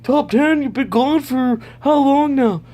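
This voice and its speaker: Impatient excited fan voice, high and loud, put on by a man. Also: unhurried. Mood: eager. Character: eager impatient fan begging for videos.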